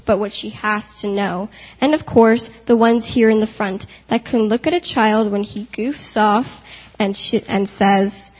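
The Lord as a proud, eager male creator, read by a woman in a church stage reading. The voice sits fairly high and the delivery is brisk and emphatic. It is captured as a dull recording with a long echo from a hall. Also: lightly acted. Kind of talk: church readers' theater.

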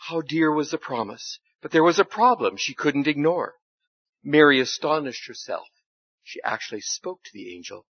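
A man reading a story aloud in a church service, with expressive, dramatic delivery. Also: a little high, moderate pace, husky, no echo. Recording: slightly dull, dry recording.

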